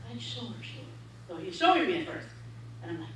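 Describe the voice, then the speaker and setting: A woman minister telling a story in her sermon, lively and laughing often as she acts out what people said. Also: mid-range voice, fairly quick. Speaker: minister giving a talk. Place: large hall of a spiritual center. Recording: echoey hall, distant mic, faint hum.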